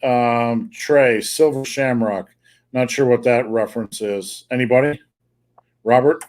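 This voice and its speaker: A man's voice: medium pitch, unhurried, a little mellow. A middle-aged man with a faint Wisconsin accent, hosting a live podcast over a call, blunt, profane and jokey. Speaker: podcast host answering viewer questions. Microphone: remote call.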